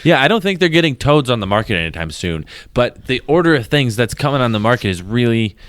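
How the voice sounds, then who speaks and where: A man chatting loosely on a comedy podcast, circling back and restarting his sentences as he goes. His voice is mid-pitched and the sound is dry and close. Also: sing-song, fairly bright tone, clear, resonant tone, no echo. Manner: rambling, halting restarts, laughs often. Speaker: podcast co-host. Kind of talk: casual comedic chat.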